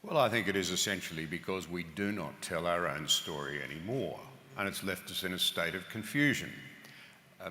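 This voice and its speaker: Older aussie guy on a panel, bright forceful voice, big echoey hall. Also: low-pitched. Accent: Australian. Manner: earnest, builds to emphatic points. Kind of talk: storytelling speech to an audience. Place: large hall with audience. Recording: reverberant hall.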